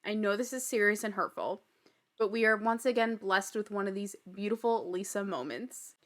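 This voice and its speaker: A woman's voice: medium pitch, moderate pace, fairly bright tone. A woman hosting a casual TV recap podcast, chatty and gossipy, often breaking into laughter. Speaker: podcast host.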